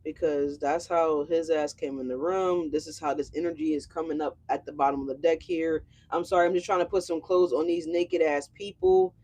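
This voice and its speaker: A woman's voice: sits low, steady tone, normal speed, few pauses, warm tone. Brash, chatty woman reading tarot. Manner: chatty, brash and profane, addresses viewers directly. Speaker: tarot reader.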